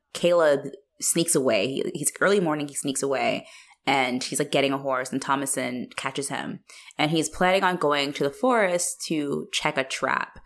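A woman's voice: sits low, creaky. A woman co-hosting a casual film chat, recapping the plot with frequent laughter and casual swearing. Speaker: podcast co-host.

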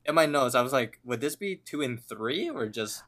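A man's voice: medium pitch, expressive, moderate pace, fairly bright tone. Man casually recapping a cartoon episode. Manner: retells scenes at length, reading lines out. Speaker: podcast co-host.

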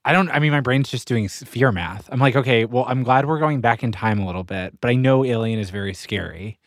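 A man co-hosting a podcast in casual chat, self-deprecating and halting, with frequent restarts. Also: medium pitch, dry recording, studio quality. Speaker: podcast co-host.

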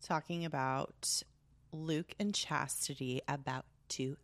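A woman's voice: sits low, steady tone, slow pace, a bit bright, no room sound. A woman co-hosting a podcast, recapping a book in crude, joking, rambling casual chat full of fillers. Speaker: podcast co-host.

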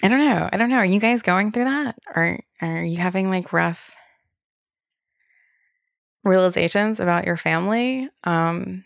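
A woman's voice: medium pitch, unhurried, vocal fry, no echo, clean studio sound. A young woman hosting a podcast alone, talking casually and candidly, full of "like" fillers and the odd swear word. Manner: loose, candid, filler-heavy talk with frequent "like" and swearing. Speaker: podcast host. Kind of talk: casual solo podcast chat.

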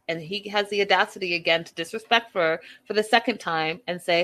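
A woman's voice: fairly low pitch, fairly quick, few pauses, pushed and bright. A woman giving blunt, exasperated casual commentary on a reality show, talking straight to the people on it. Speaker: reality TV recap vlogger.

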